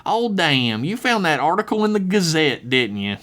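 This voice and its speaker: Cult sister, put on by a man: high and lilting, folksy drawl, sweetly unsettling, lively swoops in pitch. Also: normal speed. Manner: folksy drawl, sweet-talking, says darling and ain't. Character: flirty cult-member woman, twin sister, drawling.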